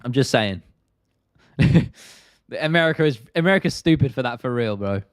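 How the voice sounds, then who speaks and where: Brief: casual young British live streamer, slangy, dry close mic. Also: male voice, mid-range voice, lively intonation, moderate pace, clean tone, no room sound. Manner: laid-back, rambling, slangy. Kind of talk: casual live stream chat reading viewer questions.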